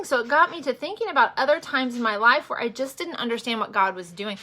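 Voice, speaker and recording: A woman's voice: a little high, lively intonation, fast, few pauses, pushed and bright. A woman, likely in her forties, chatting casually through a makeup vlog, rambling with lots of fillers and growing earnest about her faith. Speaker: makeup vlogger and direct seller.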